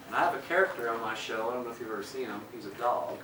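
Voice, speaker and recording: Talking very fast with hardly any pauses, a mid-range-voiced Minnesota puppeteer entertains schoolchildren playfully and quizzes them. The distant mic captures an echoey elementary school room, background noise and a guitar behind him.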